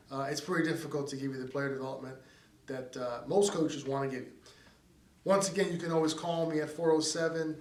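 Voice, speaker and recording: A man's voice: on the high side, roomy sound, far from the mic. A middle-aged man, a baseball coach, giving earnest conversational advice to parents, with frequent fillers and restarts. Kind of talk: direct-to-camera advice talk.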